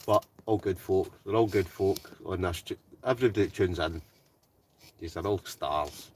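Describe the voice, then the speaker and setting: A man's voice: low voice, moderate pace, a little mellow, recorded from a distance, slight background noise. A Scottish man hosting a live stream from inside a hot tent, chatting casually and reading out viewer comments, often ending lines with "right?". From Scotland. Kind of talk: casual live-chat banter.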